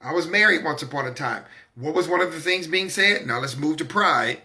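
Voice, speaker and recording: A man's voice: fairly high pitch, lively intonation, a little fast, bright, forceful tone. A man hosting a talk broadcast in a preaching-style manner, speaking emphatically and with confidence, repeating words to drive his points home. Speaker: broadcast host.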